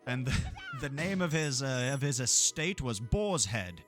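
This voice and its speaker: A man's voice: medium pitch, big pitch swings, unhurried, a bit bright, soft background music. A man streaming a game, chatting casually in a rambling, profane way and laughing often. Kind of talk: casual gameplay chat.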